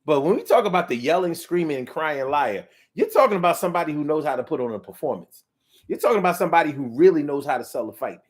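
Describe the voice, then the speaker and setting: A man with a fairly high voice talks fast, hosting his own talk show in a loose, rhythmic monologue. He's animated and keeps slipping into the voices of the people he describes.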